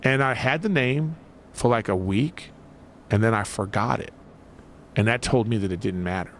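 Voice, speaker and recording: A middle-aged man, a podcast guest, telling a personal story in a halting, animated way. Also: on the low side, a little hiss or hum. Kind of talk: casual podcast conversation.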